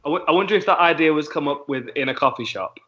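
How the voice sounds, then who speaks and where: A man's voice: a little high, fast talker, sharp tone. A man co-hosting a podcast, chatting easily and laughing along. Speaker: podcast co-host. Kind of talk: casual chat. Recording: dull lo-fi sound.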